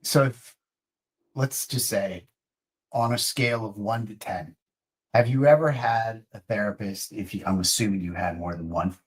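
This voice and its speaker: A man co-hosting a podcast who speaks in a measured way and leads with questions. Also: lowish voice. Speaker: podcast co-host. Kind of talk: casual podcast chat.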